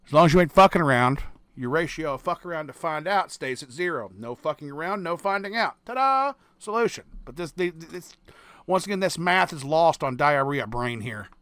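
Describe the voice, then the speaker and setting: A man's voice: a little high, lively intonation, brisk, a bit bright, dry recording. A man with a Southern American accent reacting on his channel in casual commentary, blunt and profane, stumbling over restarts. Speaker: reaction video host.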